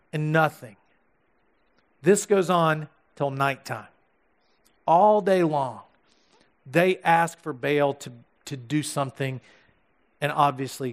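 A male pastor preaching a sermon, retelling a story and acting out the quotes with animation. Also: a little high.

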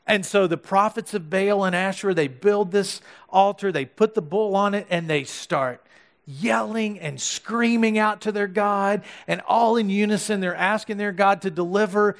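A male pastor preaching a sermon, retelling a story and acting out the quotes with animation. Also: high voice.

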